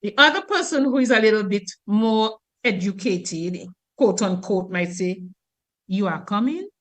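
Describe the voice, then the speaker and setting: A woman teacher from Dominica, explaining grammar on the radio in an animated, teacherly way. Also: mid-range voice, moderate pace.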